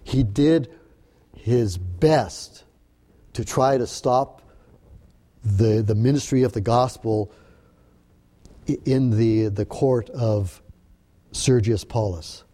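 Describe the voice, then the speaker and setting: Mellow-voiced man teaching scripture. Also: mid-range voice. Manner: earnest, halting with repeated restarts. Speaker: preacher. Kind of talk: sermon-style Bible teaching.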